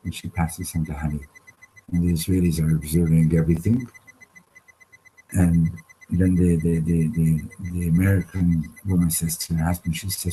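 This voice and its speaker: Guy teaching torah class, lowish mellow voice, keeps restarting, tosses in hebrew. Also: flat delivery, a little hiss or hum, rough recording. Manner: halting, many restarts, mixes in Hebrew terms. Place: study hall classroom.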